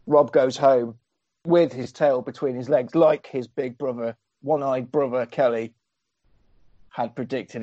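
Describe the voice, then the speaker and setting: A man's voice: medium pitch, fairly even intonation, unhurried, dark tone, no room sound, lo-fi sound. A man doing a comic, sweary, sarcastic recap of a film as a podcast host.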